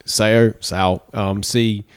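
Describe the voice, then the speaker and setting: A man's voice: fairly low pitch, little pitch movement, very slow, smooth. A man co-hosting a podcast, chiming in with joking asides about a movie. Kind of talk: casual movie chat.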